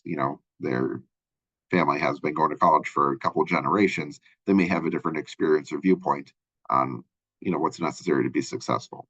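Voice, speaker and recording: A man's voice: rumbling low, a bit bright, husky, no room sound. A man from Minnesota giving a casual recorded lecture as a college instructor, talking in a loose, rambling way with many fillers and tag questions. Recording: dull lo-fi close recording.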